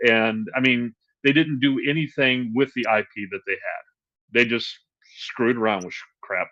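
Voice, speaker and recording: A man co-hosts a podcast, talking in a bright, forceful voice as he rants with exasperated energy. The sound is a little dull and lo-fi. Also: medium pitch, normal speed. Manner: animated, exasperated ranting with laughs. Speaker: podcast co-host. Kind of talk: casual chat.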